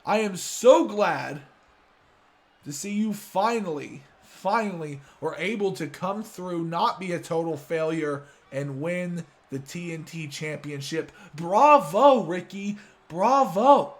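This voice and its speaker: A man's voice: fairly high pitch, a little slow. A man doing an arrogant wrestler challenger. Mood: sarcastic. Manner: sarcastic, self-aggrandizing boasts. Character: arrogant fiery young male wrestler challenger. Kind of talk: wrestling promo role-play over a video game.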